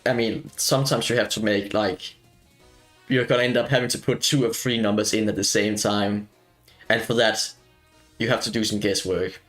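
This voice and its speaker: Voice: mid-range voice, fairly even intonation, moderate pace, faint music behind. A streamer chatting casually while playing a game, joking and laughing often. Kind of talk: casual gaming chat.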